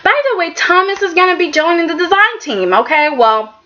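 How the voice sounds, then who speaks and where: Animated chatty woman, bright voice. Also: very high voice, a little fast. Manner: chatty and animated, with frequent filler words and reactions. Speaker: soap opera episode reviewer. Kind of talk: casual spoken review. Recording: dull lo-fi recording.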